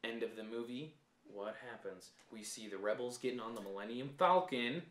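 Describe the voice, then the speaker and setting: Man in an echoey room, animated and argumentative. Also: mid-range voice, normal speed. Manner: animated, argumentative, lays out points step by step. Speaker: podcast co-host. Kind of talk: casual fan discussion.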